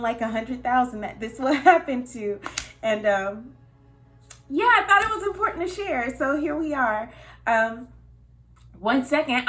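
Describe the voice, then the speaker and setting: A young woman speaking in a candid personal vlog. She is earnest and emotional, talking haltingly with frequent fillers and nervous laughs. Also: fairly high pitch, fairly bright tone. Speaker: vlogger.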